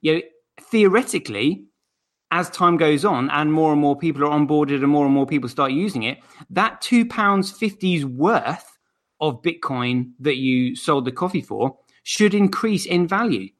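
A man's voice: on the high side, expressive, normal speed. A man co-hosting a casual show, explaining at length and repeating his points. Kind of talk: casual chat on a live show.

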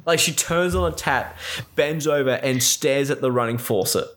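A man's voice: medium pitch, normal speed, fairly bright tone. A man in a casual, exasperated movie recap rant, swearing a lot and saying "like" constantly. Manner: exasperated, profane, full of filler likes.

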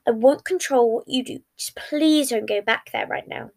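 A formal, exact young man speaks with careful, measured wording, read by a woman. The voice sits a little high with a gravelly fry. It comes from a fan fiction reading. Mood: gentle. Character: formal, precise young man comforting a friend.

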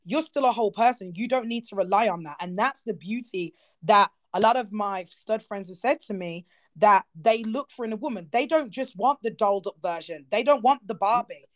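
A woman in a casual podcast chat, animated and playful, laughing often. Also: medium pitch, a little fast, few pauses.

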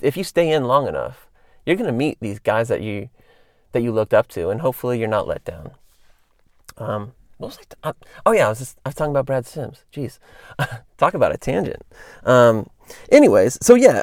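A man's voice: mid-range voice, dry recording, studio quality. A man in his late thirties telling stories in a casual, rambling monologue, full of fillers and tangents, as a podcast host. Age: 30s.

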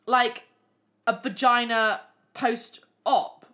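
Bright-voiced woman telling candid stories. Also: a little high, moderate pace. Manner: swears constantly, animated, lots of fillers. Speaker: podcast host. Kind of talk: candid casual storytelling.

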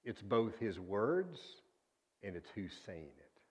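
A man preaching a sermon, earnest and deliberate, often sinking to a hushed low voice on key words. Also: sing-song, slightly rough.

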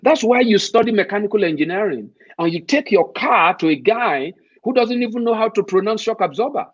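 A man's voice: high-pitched, lively intonation, brisk, husky, no echo. A man from Nigeria, speaking emphatically as an interview guest and posing rhetorical questions. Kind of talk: conversational interview. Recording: dull, muffled dry sound.

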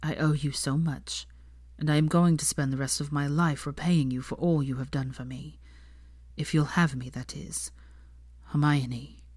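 A woman voicing an earnest young man in a storybook reading, speaking softly and quietly. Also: sits low, fairly even intonation, normal speed, husky, no echo, clean studio sound. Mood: tender.

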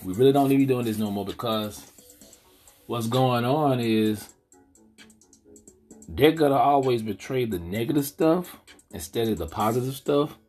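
A man with a medium-pitched, slightly mellow voice hosts a podcast at normal speed, pausing often, as soft music plays behind him. In casual African American Vernacular English he offers blunt, indignant commentary, frequently asking "you know what I'm saying."

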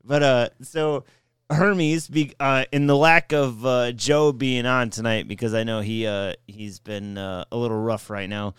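A man's voice: medium pitch, fairly even intonation, a little slow, clean tone, no echo, clean studio sound. A man hosting a live stream, rambling and swearing casually. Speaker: streamer host.

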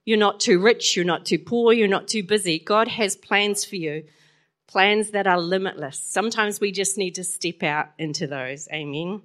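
A woman, preaching a chatty sermon full of stories and quick laughs. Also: mid-range voice, a bit bright. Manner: chatty, storytelling, laughs often.

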